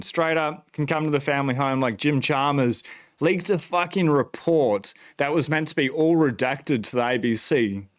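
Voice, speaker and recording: An Australian man talking off the cuff on a livestream, fired up and swearing freely. He rambles, trails off, and circles back with lots of fillers. His voice sits at an ordinary middle pitch for a man. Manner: excited, profane, rambling with fillers. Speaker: bitcoin channel host. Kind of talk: casual livestream rant. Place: at home.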